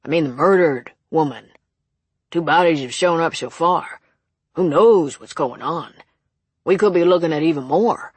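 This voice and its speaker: A woman's voice: low-pitched, moderate pace, husky, dry recording. Woman voicing a folksy old shopkeeper. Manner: blunt, chatty small-town talk. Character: folksy male shopkeeper in his seventies.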